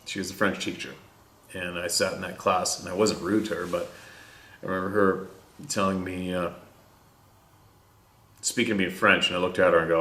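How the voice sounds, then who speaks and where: Canadian male host, very low voice, laid-back and rambling, roomy echo; casual storytelling. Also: normal speed. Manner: relaxed, rambling, drops "eh" and laughs. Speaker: podcast host.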